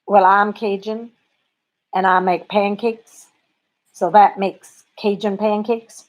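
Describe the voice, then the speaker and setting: A man's voice: high voice, little pitch movement, slow, dull audio. A friendly, wiry Cajun man, as a woman puts him on, chatting on a city bus. He is folksy and earnest, and he keeps tacking a courteous "ma'am" onto everything he says.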